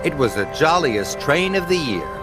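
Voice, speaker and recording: A man reading a children's railway story aloud as narrator. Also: a little high. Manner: slow, expressive storytelling. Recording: music underneath.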